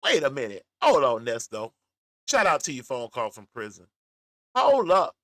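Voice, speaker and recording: A man hosting a reaction commentary, animated, often pausing the clip to talk. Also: medium pitch, dry recording, studio quality. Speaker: commentary channel host. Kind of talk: reaction commentary on a played call.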